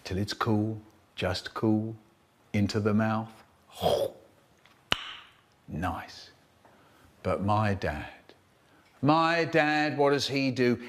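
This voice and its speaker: A man performing comic stories for an audience, playful and animated, with sound effects along the way. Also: mid-range voice, a little hiss or hum. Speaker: storyteller.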